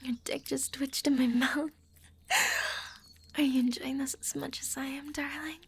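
A young woman in a whispered role-play, speaking in an intimate, teasing, affectionate breathy whisper. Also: high voice, little pitch movement, a little slow. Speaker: audio role-play performer.

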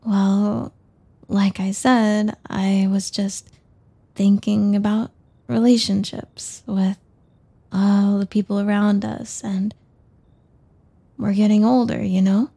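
A woman's voice: mid-range voice, little pitch movement, slow, creaky, pauses often, mellow, husky, exaggerated voice. A young woman voicing a shy, nervous young woman in an audio role-play, talking hesitantly and stumbling over her words with many restarts.

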